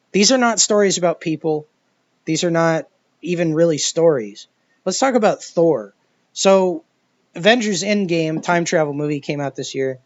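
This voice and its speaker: Casual: guy ranting into the mic, swears a ton, rambles, pretty high voice, dead dry room. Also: dry recording. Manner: profane, rambling, exasperated. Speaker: video commentator. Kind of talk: ranting commentary monologue. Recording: dull lo-fi dry recording.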